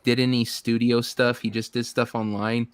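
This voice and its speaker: A man's voice: medium pitch, flat delivery, normal speed, smooth, dry recording. A man chatting casually on a live stream, telling a story in a rambling way with many fillers. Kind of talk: casual chat.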